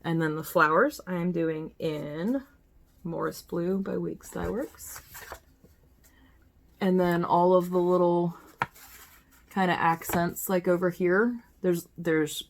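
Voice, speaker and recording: In a fairly low, creaky voice, a woman casually shows cross-stitch projects to her phone camera. She chats along, often correcting herself and talking to herself as she handles the pieces.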